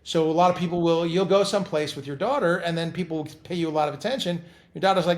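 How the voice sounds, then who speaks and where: A middle-aged man chatting as an interview guest, telling animated stories and often repeating words as he talks. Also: fairly high pitch, fast talker. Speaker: guest actor. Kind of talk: casual interview chat.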